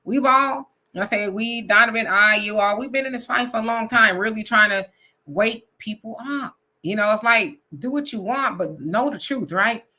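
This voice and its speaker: A woman hosts a live online talk show, speaking frankly and casually in a bright, clear, fairly high voice at a moderate pace. She reads out viewer comments and laughs easily and often.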